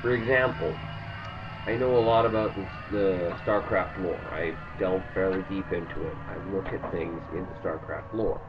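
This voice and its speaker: A man's voice: low-pitched, fairly even intonation, normal speed, background noise. A man in casual chat about games and lore, rambling, with theatrical bursts of mock panic. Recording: distant muffled mic with music behind.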